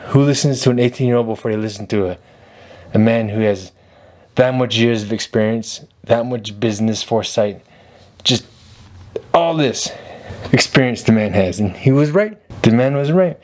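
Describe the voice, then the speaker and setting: A man's voice: on the low side, a little mellow. A man hosting a casual commentary vlog, talking bluntly and rambling, repeating himself. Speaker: video host.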